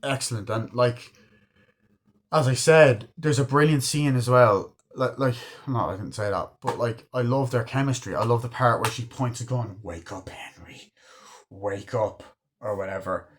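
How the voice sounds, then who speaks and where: A man talks through a film he loves in a loose, rambling way. He swears freely and keeps breaking into quick impressions of the scenes, with a voice in the middle of the usual range for a man. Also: mid-range voice, a little hiss or hum. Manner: rambling, swears a lot, acts out quoted scenes. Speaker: movie reviewer. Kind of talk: casual movie review.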